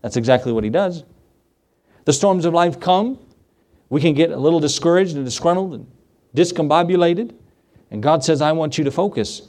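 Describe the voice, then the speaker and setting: A male pastor delivering a lively sermon in a voice pitched a touch above the usual. He asks the congregation questions and drops into casual asides between the scripture passages. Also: normal speed, long pauses. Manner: animated preaching that acts out the quoted voices; conversational asides and rhetorical questions.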